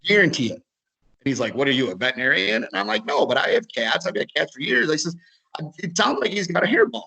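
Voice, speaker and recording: A man's voice: high-pitched, big pitch swings, brisk, vocal fry, sharp tone, husky, rough recording. A man with an Upper Midwest American accent giving a webinar talk, telling a story in a casual way, repeating words and acting out both sides of a conversation. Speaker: webinar speaker. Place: video webinar.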